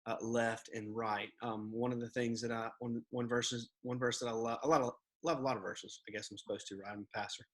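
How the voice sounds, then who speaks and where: A man's voice: mid-range voice, steady tone, a little fast, hardly any pauses. A man who is a pastor, talking earnestly in a casual church podcast conversation and reading scripture aloud.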